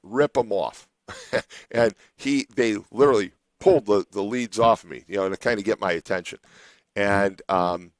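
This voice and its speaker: A man's voice: lowish voice, normal speed, no room sound, low-quality recording. A middle-aged man hosting a radio show, telling a long personal story in a rambling way with many restarts.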